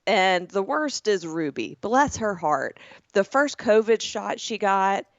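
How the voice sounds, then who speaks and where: A woman in her forties with a Southern American accent, co-hosting a comedy podcast and telling lively stories with lots of laughter. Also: mid-range voice, takes it slowly, dry recording. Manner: animated, laughs often, acts out the people in her stories. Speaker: podcast co-host. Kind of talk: comedic storytelling. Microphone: podcast microphone. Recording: slightly dull, lo-fi, dry.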